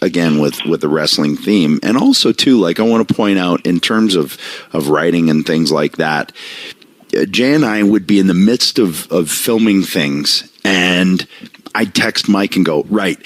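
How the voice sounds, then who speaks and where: Deep-voiced man reminiscing on a podcast. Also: measured pace, no room sound. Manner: rambling, reminiscing with restarts. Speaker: podcast co-host. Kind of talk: casual chat.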